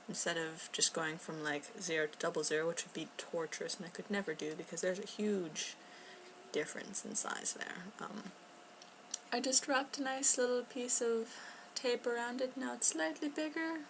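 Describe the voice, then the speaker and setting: At home indoors, a young vlogger rambles through an unscripted video, chatty and full of fillers and soft laughs, speaking low and sometimes nearly whispering. Her voice has a gravelly edge, and the poor audio carries a faint hiss.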